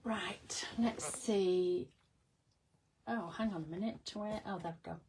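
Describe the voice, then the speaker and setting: A woman's voice: medium pitch, slow pace, a little mellow, a little hiss or hum, poor audio. A woman chatting casually on a craft livestream from her studio, giggling and greeting viewers by name. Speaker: craft live streamer. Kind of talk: casual live-stream chat.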